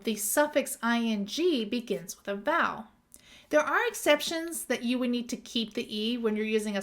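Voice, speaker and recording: A woman's voice: on the high side, fairly bright tone. Methodical woman tutor spelling words out. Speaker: nursing exam tutor. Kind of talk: scripted lesson.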